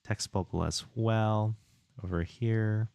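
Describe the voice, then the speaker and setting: Low, slow-talking game dev streamer man. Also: gravelly, smooth, dry recording. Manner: relaxed, muttering to himself, reading chat aloud. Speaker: indie game developer streaming. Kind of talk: casual live-stream chat while working.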